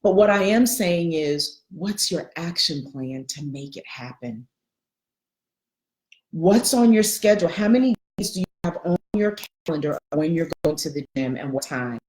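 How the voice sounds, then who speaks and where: A middle-aged woman with a lilt leads a live coaching talk. Her voice sits fairly low and swings up brightly when she greets viewers. The room has a noticeable echo. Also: animated, normal speed. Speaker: life coach.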